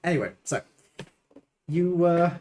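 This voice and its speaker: A man's voice: on the high side, lively intonation, unhurried, mellow, a little hiss or hum, low-quality recording. A man narrating a tabletop game as game master, irreverent and swearing casually. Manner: irreverent, swears, laughs often.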